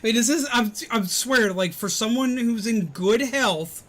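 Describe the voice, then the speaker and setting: Bright-voiced man chatting on a live stream. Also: extremely high pitch, unhurried. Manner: rambling, many fillers, laughs easily, greets viewers loudly. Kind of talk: casual live-stream chat, reading and answering viewers.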